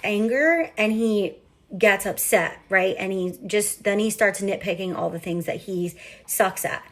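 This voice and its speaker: Woman in her 30s, talky parent vlog voice, says "like" a lot, candid storytelling. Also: medium pitch. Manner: chatty, lots of "like" fillers, candid. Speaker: parent of a young athlete. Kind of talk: casual storytelling to camera.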